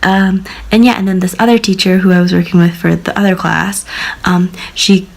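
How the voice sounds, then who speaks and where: A woman's voice: lowish voice, level tone, normal speed, creaky, poor audio. A young woman in her twenties chatting in a vlog about her teaching week, telling bubbly stories and sometimes dropping into a whisper. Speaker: vlogger, language assistant teacher. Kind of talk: casual vlog chat.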